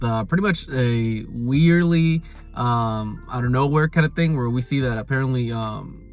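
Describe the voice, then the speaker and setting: A young man casually reviewing an anime episode, rambling with lots of "like" and restarts. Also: mid-range voice. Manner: animated paraphrasing of characters.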